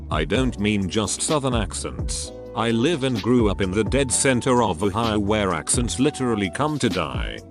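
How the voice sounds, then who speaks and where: Guy narrating internet comments, kinda deep voice, music going in the background. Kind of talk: reading online comments aloud.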